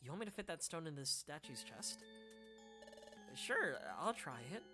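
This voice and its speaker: An earnest young creature explorer, voiced by a woman, soft-spoken and obliging. The voice stays low and gentle, with music faint in the background. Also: big pitch swings, normal speed.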